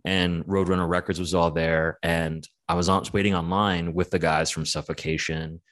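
A man's voice: low-pitched, level tone, moderate pace, fairly bright tone. A man in casual, rambling, profane chat about the metal scene, full of fillers.

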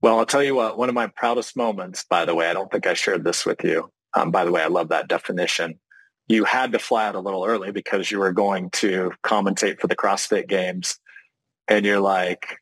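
Brief: male podcast host, lowish voice, reflective, dry sound. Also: fairly even intonation, fairly quick, a bit bright, no room sound, low-quality recording. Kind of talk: casual interview talk.

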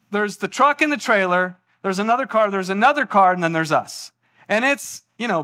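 A man pastor preaching a sermon, telling a personal story in an animated way and acting out the voices in it. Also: high-pitched.

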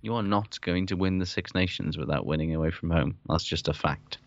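A man with a very deep voice trades opinions on sport in a blunt, cursing, no-nonsense way. The recording is dull and lo-fi, with a dry, close sound. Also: a little fast, dry recording. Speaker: podcast co-host. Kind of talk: casual sports chat.

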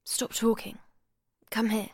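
An earnest young lover, as a woman reading a novel puts him on speaks low and coaxing, at times in a hush. Hurt, he breaks out sharper and louder. The sound is close and dry. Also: flat delivery, takes it slowly, slightly rough, dry recording, full character voice. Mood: coaxing intimate.

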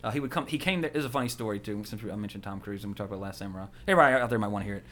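A man rattles through a rambling story on a podcast. He talks quickly and casually, often breaking into laughter. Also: on the low side, fairly bright tone. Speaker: podcast co-host. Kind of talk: casual chat.

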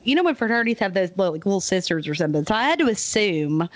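A woman's voice: mid-range voice, very animated, rapid-fire, no room sound. Rambling chatty woman podcast co-host. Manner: rambling, laughing, mimics characters in goofy voices. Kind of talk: casual movie review chat.

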